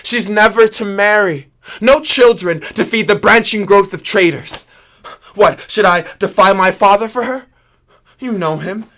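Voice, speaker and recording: A man's voice: high-pitched, measured pace, a bit bright. A man playing a brooding young prince. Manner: brooding, earnest, often subdued. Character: young prince torn by forbidden love. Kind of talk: stage drama acting.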